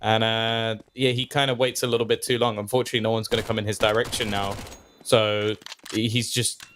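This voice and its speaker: A man doing play-by-play commentary as an esports caster, quick and playful with joking banter. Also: fairly low pitch, flat delivery, a bit bright, slight background noise.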